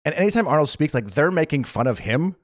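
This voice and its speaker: A man's voice: a little high, sing-song, quick pace, no echo, clean studio sound. A man co-hosting a podcast in casual chat, laughing often and talking with lots of fillers and restarts. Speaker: podcast co-host.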